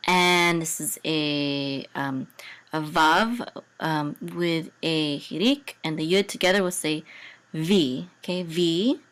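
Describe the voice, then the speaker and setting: A woman gives a Hebrew reading and chanting lesson in a casual, hesitant manner, with plenty of ums and self-corrections. Her tone is steady and her pace slow, but she shifts into a higher, louder chant for the examples.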